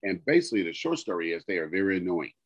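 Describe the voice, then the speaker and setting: A man with a very low voice, chatting on a podcast. He tells his stories with animated, exasperated energy. The audio is slightly dull and lo-fi. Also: rapid-fire. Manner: animated, exasperated storytelling with quoted dialogue. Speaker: podcast co-host. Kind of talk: casual storytelling chat.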